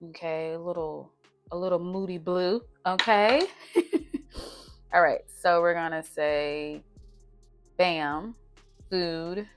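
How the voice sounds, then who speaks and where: A woman's voice: fairly low pitch, slow pace, pauses often, faint music behind. A young woman, chatting casually through her budget and talking to herself as she adds up numbers. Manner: chatty, talks to herself while doing math. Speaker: budgeting vlogger.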